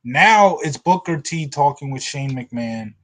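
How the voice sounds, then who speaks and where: A man hosting a casual review show, retelling scenes in a lively way, acting out quotes and laughing often. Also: fairly high pitch, unhurried, a little hiss or hum. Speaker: podcast host.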